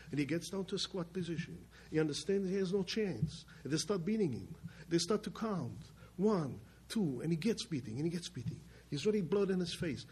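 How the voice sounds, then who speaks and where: An older man giving a spoken testimony from his family's past, emphatic and halting. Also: a little high, animated, a little mellow, breathy edge. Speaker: storyteller.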